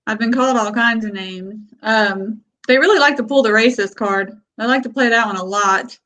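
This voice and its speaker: A woman with a rural Kentucky Southern accent talks as a guest in a relaxed interview. Her voice sits a little high, and her delivery is plainspoken and calm. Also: moderate pace, few pauses, poor audio. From Texas-born, raised by Kentucky family. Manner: plainspoken, calm, lets out small laughs. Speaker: guest, gun-rights advocate. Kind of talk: casual interview conversation.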